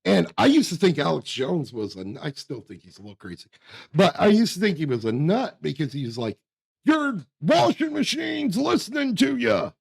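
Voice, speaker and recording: A man's voice: fairly high pitch, big pitch swings, a little fast, gravelly, a little mellow, breathy edge. A man co-hosting a casual podcast chat, talking in a blunt, folksy, emphatic way. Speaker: podcast co-host.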